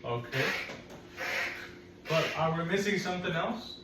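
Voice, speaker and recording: An unhurried, expressive woman with a lowish voice teaches phonics to little children, patiently drilling vowel sounds and teasing them that a trick is coming. The recording is distant and reverberant, made in a classroom with slight noise.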